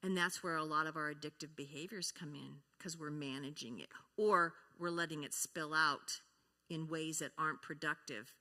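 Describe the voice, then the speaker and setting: A woman's voice: sits low, moderate pace. A middle-aged woman giving a conversational sermon in a church, telling stories and leading the congregation in repeating a phrase. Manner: warm storytelling, leads the congregation in repeating a phrase. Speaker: church speaker. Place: church sanctuary. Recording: reverberant church hall.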